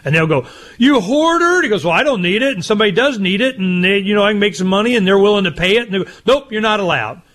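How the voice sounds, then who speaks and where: An older man co-hosting a casual talk show, rambling and animated, with loud laughs. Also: high-pitched, very fast, hardly any pauses. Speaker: co-host. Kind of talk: casual chat.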